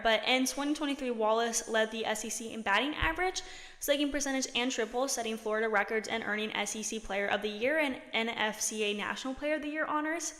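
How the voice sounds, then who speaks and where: A woman hosting a sports podcast, reading long runs of player statistics and correcting her slips with quick apologies. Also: fairly high pitch, fairly bright tone, in a large hall. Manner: reads long lists of stats, corrects herself with quick apologies. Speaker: podcast host.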